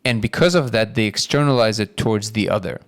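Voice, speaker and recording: Low-voiced man thoughtfully unpacking an idea. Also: a little fast. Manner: thoughtful, analytical, paraphrasing ideas back. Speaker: guest, actor. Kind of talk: casual conversation.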